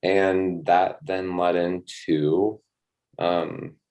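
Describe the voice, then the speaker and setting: Low, mellow-voiced man telling stories. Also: drawn-out words, vocal fry. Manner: relaxed, rambling, with frequent ums and casual swearing. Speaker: tour manager guest. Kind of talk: casual interview storytelling.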